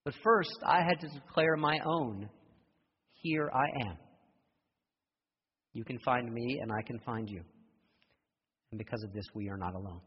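A male pastor preaching in a husky voice, his words ringing through a long hall reverb. He builds a story with growing intensity and sinks into a hushed, prayerful tone. The sound is dull and muffled, like a sanctuary recording. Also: medium pitch, a little slow, pauses often. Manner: storytelling with rising intensity and soft prayerful close. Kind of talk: sermon. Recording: dull echoey hall from far off.

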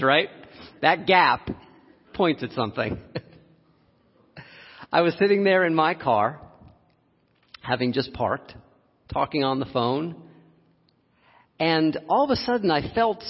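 Husky-voiced man preaching a sermon. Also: on the high side, slow, long pauses. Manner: storytelling, laughs often, lively and animated when telling a story. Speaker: pastor. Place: church sanctuary. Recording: dull lo-fi audio, long hall reverb.

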